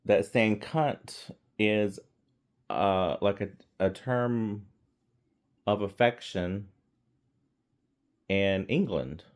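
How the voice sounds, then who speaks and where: A man's voice: lowish voice, drawn-out words, pauses often. A man casually reviewing a romantic comedy in a rambling, laid-back way, with frequent fillers and small laughs. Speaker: movie reviewer. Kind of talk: casual film review vlog.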